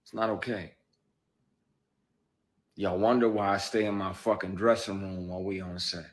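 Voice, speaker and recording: A man's voice: deep voice, fairly even intonation, brisk. A man, an actor, talking unscripted to his viewers in a heated, blunt and profane way, hammering points with repeats. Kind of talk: unscripted live-stream talk to viewers.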